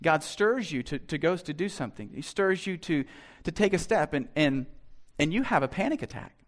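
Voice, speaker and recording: Animated high-voiced male preacher. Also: moderate pace. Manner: animated, acts out imagined voices with sudden swings from soft to loud. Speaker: pastor. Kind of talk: sermon.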